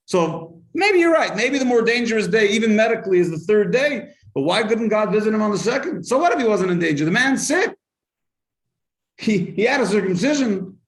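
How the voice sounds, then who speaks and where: His voice sits high and runs a little fast as this rabbi teaches a lively Torah class to a live audience in a reverberant space. He mixes in stories, rhetorical questions, and translations of the Hebrew he quotes.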